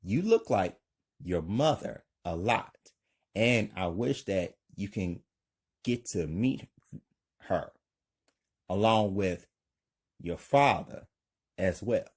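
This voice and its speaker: A man reading the lines of a polite, calm woman in a husky voice, pitched a little up. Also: takes it slowly, long pauses, heavily acted. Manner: polite, calm, slightly raised voice. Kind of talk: amateur script read-aloud.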